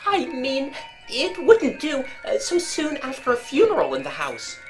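A woman's voice: sits high, huge pitch swings, unhurried, over music, pitched above the performer's own voice, exaggerated voice. Woman doing a nervous genteel lady. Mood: alarmed.

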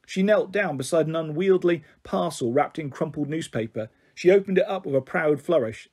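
A man reads a children's novel aloud, expressive and steady. His voice is notably high for a man and husky in grain. It carries the tone of a bedtime story reading. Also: brisk, few pauses. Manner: expressive read-aloud narration.

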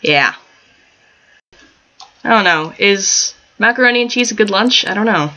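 A woman's voice: medium pitch, lively intonation, unhurried, bright, forceful tone. A woman casually commenting while playing a life-sim game, giggling often and rambling in chatty asides. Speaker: gaming channel host. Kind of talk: casual let's-play commentary. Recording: dull lo-fi home mic.

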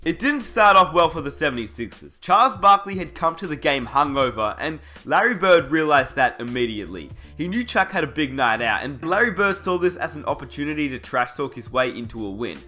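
A man reads scripted documentary narration with a dramatic storytelling lilt. His tone is bright and sharp, and his pitch moves a lot. Quiet music runs behind him. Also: sing-song, fairly quick, hardly any pauses.

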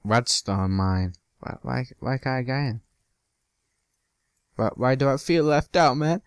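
A man's voice: medium pitch, animated, measured pace, clear, resonant tone, no echo, studio quality. A man giving loose, joking commentary over his own gameplay, swearing now and then and slipping into silly bits. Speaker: gaming channel host.

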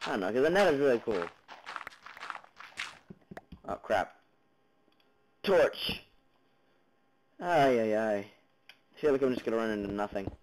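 A man's voice: medium pitch, expressive, unhurried, long pauses, poor audio. Jumpy young man narrating a block game. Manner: jumpy, chatters at monsters and viewers, sudden yelps. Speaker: gaming channel host. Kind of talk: Minecraft let's play commentary. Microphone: basic computer mic, no headphones.

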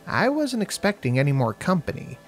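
A man voicing a tiny, stern old woman with a dry, croaking monotone. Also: lowish voice, brisk, faint music behind, voice pushed up. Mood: stiff, formal. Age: older.

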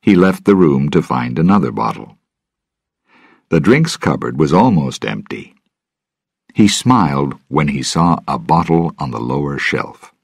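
A man narrating a story slowly and deliberately for English learners. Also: extremely low pitch, animated, vocal fry, husky, no room sound, studio quality.

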